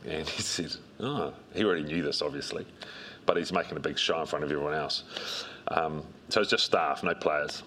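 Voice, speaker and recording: A middle-aged New man with a remarkably low voice tells stories in a relaxed, rambling way, stopping for ums and restarts. A faint hiss sits under his voice. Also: brisk. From New Zealand. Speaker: strength and conditioning coach, guest. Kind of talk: interview storytelling.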